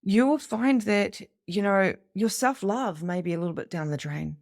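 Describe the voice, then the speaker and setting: A woman giving a casual spiritual lesson to camera in an expressive style, acting out inner voices and swearing now and then. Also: medium pitch, moderate pace, vocal fry. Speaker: psychic medium and spiritual teacher.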